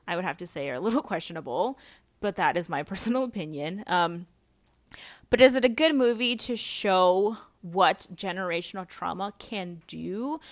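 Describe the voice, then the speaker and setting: A woman's voice: medium pitch, no echo. Blunt, chatty woman podcaster. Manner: chatty, blunt, swears freely, many "like" fillers. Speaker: podcast host. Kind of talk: casual personal podcast monologue.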